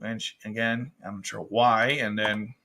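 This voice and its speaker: A man's voice: lowish voice, flat delivery, moderate pace, pushed and bright. A man casually chatting as a manga reviewer, rambling and restarting often, sometimes acting out characters' lines. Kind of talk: casual chat.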